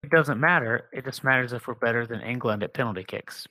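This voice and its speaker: A man's voice: mid-range voice, fast talker, pushed and bright, no room sound. A man in a casual chat, sarcastic and teasing.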